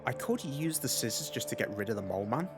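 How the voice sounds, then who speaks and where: A man's voice: mid-range voice, very animated, fast talker, over music. A man giving casual gameplay commentary as a let's play host, muttering his moves to himself, upbeat, with the odd swear.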